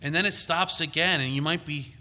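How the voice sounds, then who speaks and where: Emphatic preacher man, bright voice. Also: fairly high pitch, fairly quick. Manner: emphatic, repeats himself with restarts and fillers. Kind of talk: sermon.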